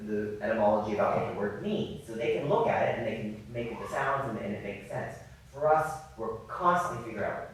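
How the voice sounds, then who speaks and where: A man teaching a viola masterclass, coaching players in an animated, apologetic way and sometimes singing phrases. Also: on the low side. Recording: echoey hall, distant mic, faint noise.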